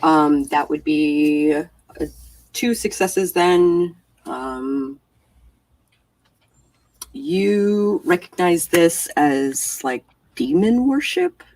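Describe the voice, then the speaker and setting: Low-voiced woman running a tabletop game. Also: very slow, no room sound, distant mic. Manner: relaxed, hesitant, many fillers. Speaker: storyteller.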